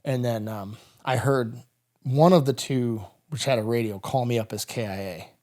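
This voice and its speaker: A middle-aged American man, a guest on a podcast, recounting a combat story in halting speech full of fillers and restarts. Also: medium pitch, a little mellow.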